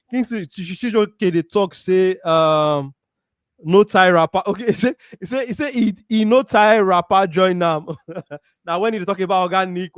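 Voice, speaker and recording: A man's voice: fairly high pitch, dry recording, studio quality. Upbeat Nigerian Pidgin-speaking male host. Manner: lively, reads out viewer comments and gives shout-outs. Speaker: show host. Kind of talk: casual football chat show. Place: Warri, Nigeria.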